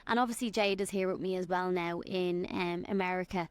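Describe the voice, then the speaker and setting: A young woman from Dublin with an Irish accent, hosting a solo podcast and giving an excited, rambling life update. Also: fairly low pitch, brisk, smooth, dry recording. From Ireland. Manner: excited, rambling, quotes people in little acted voices. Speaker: podcast host and fitness coach.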